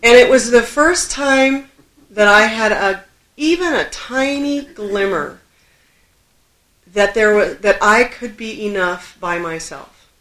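A woman's voice: mid-range voice, slow pace, fairly bright tone. A middle-aged woman from Southern California telling a personal story to a live audience, self-deprecating and laughing often. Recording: roomy echo.

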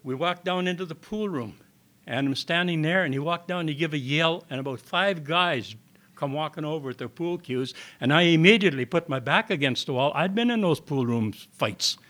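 An older man at a recovery meeting shares his personal testimony with an audience in a meeting hall. His voice is fairly high and fairly bright at normal speed, and he tells his story in a plain, folksy way, acting out the dialogue.

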